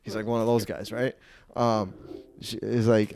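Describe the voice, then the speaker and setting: A man's voice: on the low side, flat delivery, moderate pace, vocal fry, darkish tone, slight background noise. Rambling young man telling a story. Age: 20s. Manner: rambling, profane, acts out quoted voices. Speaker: podcast host. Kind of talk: casual storytelling.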